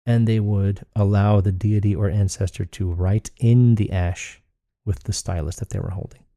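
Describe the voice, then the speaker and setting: A man's voice: on the low side, steady tone, normal speed, warm tone, no room sound, clean studio sound. A man hosting a solo podcast, rambling and thinking aloud with frequent restarts. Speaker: podcast host.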